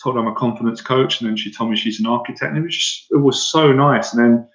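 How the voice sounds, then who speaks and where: An Irish man in his thirties, a confidence coach talking casually to viewers on a livestream, excitable and rambling with lots of fillers and restarts. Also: mid-range voice, fast. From Ireland. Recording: echoey room, dull lo-fi sound.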